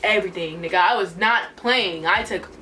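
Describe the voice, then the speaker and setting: A woman's voice: on the low side, moderate pace, sharp tone, distant mic, slight background noise. A young woman telling a storytime vlog in a casual, profane, emotional way. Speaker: vlogger. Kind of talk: storytime retelling.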